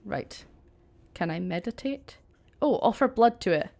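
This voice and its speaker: A woman's voice: medium pitch, lively intonation, unhurried, vocal fry, dark tone, a little hiss or hum. A young woman chatting casually while streaming a game, laughing often and swearing now and then. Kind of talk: casual chat while gaming.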